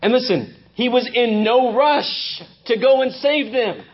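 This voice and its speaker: A male pastor preaching a sermon, swinging between loud emphasis and hushed intensity. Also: very high-pitched, animated, a little slow, muffled recording. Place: church.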